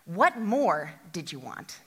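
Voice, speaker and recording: A woman voicing God, patient and gently reproving as a teller of a parable. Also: lowish voice, very animated, slow pace, slightly rough, exaggerated voice. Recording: long hall reverb.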